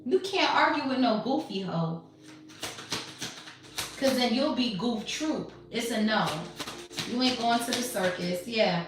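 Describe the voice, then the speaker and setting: A woman's voice: on the high side, animated, a little slow, pauses often, distant mic, music in the background. A woman giving a tarot reading in a blunt, profane, slangy and mocking way. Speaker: tarot reader. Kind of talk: casual tarot reading monologue. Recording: very echoey room, voice off-mic.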